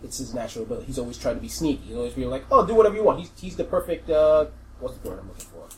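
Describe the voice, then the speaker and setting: A man narrating as game master in a tabletop game, animated, rephrasing as he goes and laughing often. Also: medium pitch, racing, creaky, a little hiss or hum, rough recording.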